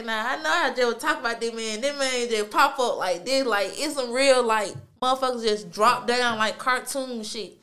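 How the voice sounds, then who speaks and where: Here a podcast host speaks at a normal speed in a slightly high, smooth voice with a fairly bright tone. Her story comes as a casual, laid-back monologue, slangy and profane, with "like" and "you feel me" filling the gaps.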